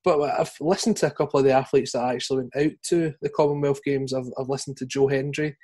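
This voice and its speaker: A man's voice: medium pitch, fast talker, husky. Man hosting a podcast interview. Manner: relaxed interviewer, steady questions, frequent murmured agreement. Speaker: podcast host.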